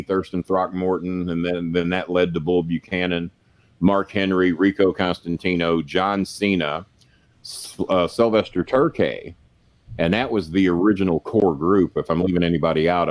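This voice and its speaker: An older man, a former wrestling manager, telling rambling, profane stories as a podcast guest. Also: sits low. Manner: rambling, profane, plain-spoken. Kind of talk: casual storytelling.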